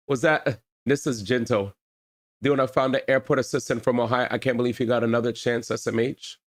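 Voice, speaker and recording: Man, streamer, casual reaction commentary, slangy, excitable, dry close sound. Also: mid-range voice, moderate pace, no room sound. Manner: excitable, slangy, addresses chat.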